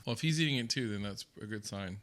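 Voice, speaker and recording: A man's voice: fairly low pitch, quick pace, a bit bright, a little hiss or hum. An American man hosting a reaction video, reacting with enthusiastic exclamations and chatty asides to his viewers. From United States. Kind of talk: casual reaction commentary.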